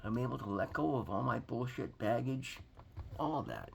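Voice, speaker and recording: A man's voice: mid-range voice, animated, moderate pace, gravelly, husky. A man giving an earnest, rambling personal testimony to his viewers, emphatic and calling them guys. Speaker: recovery vlogger.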